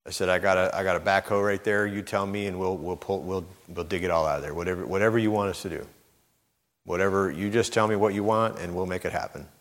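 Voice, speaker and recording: A middle-aged man delivers a sermon in a relaxed, conversational way, often repeating words and acting out the voices of the people in his stories. His voice sits very low. It rings with the long reverb of a large hall. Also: quick pace. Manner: conversational, repeats words, acts out quoted speech. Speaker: preacher.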